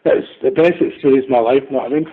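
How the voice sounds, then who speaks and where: A man's voice: mid-range voice, rapid-fire, breathy edge. A Scottish man in casual football chat, sweary and rambling, tagging lines with "right?". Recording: dull lo-fi recording.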